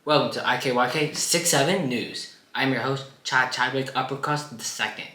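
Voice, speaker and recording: A man's voice: mid-range voice, moderate pace, echoey room, loud music behind the voice, natural voice. A teenage boy in a school video playing a pompous TV news anchor who barks orders and announces with showy flair. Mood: announcing. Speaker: student.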